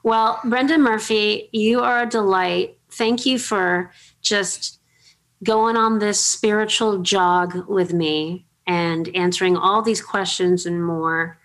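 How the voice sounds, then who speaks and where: A middle-aged woman hosting an interview, telling chatty, animated anecdotes with many fillers. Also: medium pitch, slow pace. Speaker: podcast host. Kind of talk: casual storytelling interview.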